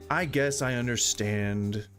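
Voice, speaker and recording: A man's voice: mid-range voice, takes it slowly, fairly bright tone, faint music behind. A man with a light Southern US twang, chatting casually on a live stream, rambling off on wry tangents into a desk microphone. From Southern United States. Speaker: gaming streamer.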